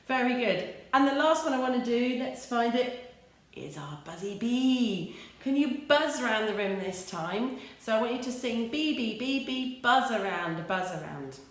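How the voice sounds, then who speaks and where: A woman's voice: on the high side, expressive, moderate pace, distant mic. An English woman, an early years teacher, leading young children through simple action songs in a sing-song, encouraging way. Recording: echoey room with light music.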